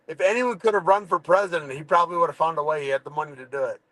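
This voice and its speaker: Halting higher-pitched man in casual chat. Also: fairly bright tone, dry recording, poor audio. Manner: frequent restarts and stammering. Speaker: guest, fighter.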